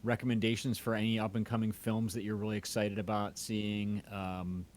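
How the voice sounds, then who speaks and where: A man's voice: lowish voice, level tone, moderate pace, a little mellow. A man hosting a casual live chat, rambling with lots of fillers. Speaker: chat host. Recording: faint background noise.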